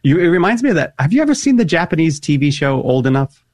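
A man's voice: on the high side, very animated, quick pace, a little mellow, no echo, clean studio sound. A man co-hosting a casual radio show, chatting eagerly and enthusiastically. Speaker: co-host.

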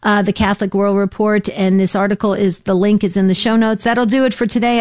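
A woman in her fifties co-hosting a talk show, telling an emotional story with lively voiced quotes. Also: medium pitch, fairly quick, few pauses, no echo. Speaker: co-host.

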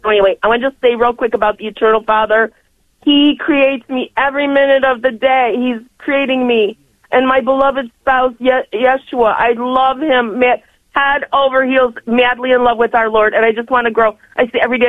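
A woman's voice: a little high, fairly even intonation, moderate pace, no room sound. An older woman calls in to a radio show over a tinny phone line. She talks effusively in long, rambling stretches and laughs as she goes. Her voice comes through dry and narrow. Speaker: caller. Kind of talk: call-in radio chat.

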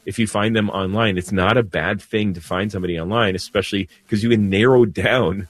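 Low-voiced male priest hosting call-in radio. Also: fairly even intonation, a little fast, dry recording. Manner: conversational, with frequent restarts. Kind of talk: call-in advice talk. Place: radio studio.

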